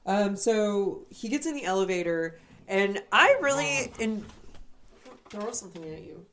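A young woman co-hosting a podcast in casual chat, bantering with dark, playful jokes. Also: mid-range voice, lively intonation, unhurried, a little hiss or hum. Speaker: podcast co-host.

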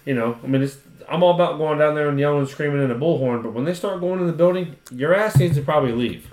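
A man's voice: on the high side, fast talker, a little mellow, reverberant. A man with an Ohio accent, a podcast co-host telling a long story in casual, profane chat and laughing often.

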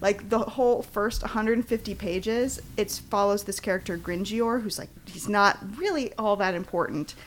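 A woman co-hosting a casual book chat, enthusiastic and quick to read passages aloud. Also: mid-range voice, a little hiss or hum. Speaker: podcast co-host.

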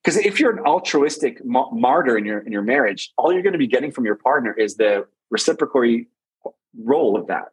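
A man talking as a guest on a conversational show, giving relationship advice through lively personal stories and repeated phrases. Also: mid-range voice, a little fast, breathy edge, low-quality recording. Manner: animated storytelling with repeated phrases.

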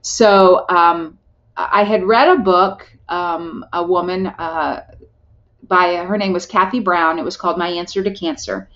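A woman's voice: on the low side, unhurried, a bit bright, lo-fi sound. A middle-aged woman telling a personal story as a podcast guest, earnest and heartfelt, often restarting her sentences.

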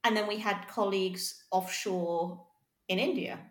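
A woman with a neutral English accent, chatting casually and telling stories in an animated way. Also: mid-range voice, unhurried, echoey room. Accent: neutral southern English. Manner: lively, animated storytelling, frequent laughter. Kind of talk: casual chat.

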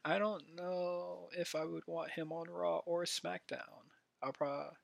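A man's voice: a little high, steady tone, a little slow, gravelly, no echo. A man hosting a solo podcast, giving a casual, rambling recap full of fillers and restarts. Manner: rambling, filler-heavy, enthusiastic fan talk. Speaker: podcast host.

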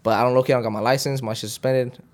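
A man's voice: mid-range voice, very fast. A man hosting a podcast, telling a story in casual chat, swearing and acting out the dialogue. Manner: profane, animated storyteller who acts out the dialogue. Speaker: podcast host.

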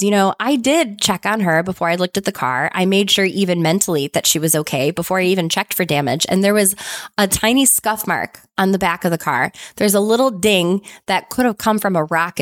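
A woman in her thirties giving casual, earnest advice, telling stories in an animated way. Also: mid-range voice, no echo, studio quality. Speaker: manifestation vlogger.

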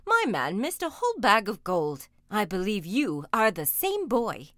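A woman voicing an ogre's sharp, curious, scolding wife in a storybook. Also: mid-range voice, wildly swooping pitch, unhurried, dry recording, studio quality.

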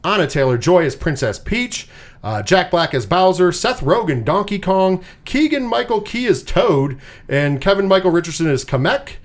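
A man hosting a casual pop-culture chat, animated and swearing freely, with lots of repeated words. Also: sits high, moderate pace. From US Northeast. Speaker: podcast host.

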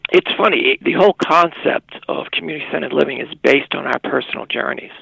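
Brief: middle-aged man, gravelly husky voice, lively storytelling as a podcast guest. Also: a little high, a little fast, no room sound, poor audio. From Massachusetts. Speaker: guest, executive director of elder housing charity. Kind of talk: conversational storytelling.

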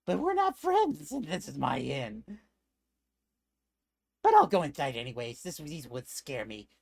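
A man's voice: on the high side, huge pitch swings, measured pace, gravelly, darkish tone, heavily acted. A man voicing a grumpy, frightened male innkeeper who speaks curtly and reluctantly. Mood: grudging, scared.

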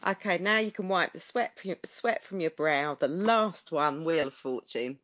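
A woman's voice: low voice, expressive, a bit bright, dry recording, highs cut off. A woman co-hosting a podcast, calling out prompts and teasingly cheering her partner on. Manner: brisk, teasing, prompts and encourages. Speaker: podcast co-host running the game. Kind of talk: casual podcast chat.

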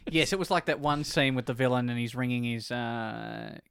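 A man's voice: mid-range voice, normal speed, a bit bright, clean tone, dry recording. A man co-hosting a casual film review chat, adding dry, understated quips. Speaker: podcast co-host.

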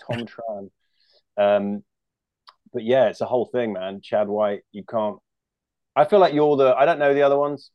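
A man's voice: fairly low pitch, no echo, muffled recording. A man with a British accent, a guest comedian chatting casually, rambling and joking with many restarts. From United Kingdom. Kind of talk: casual chat.

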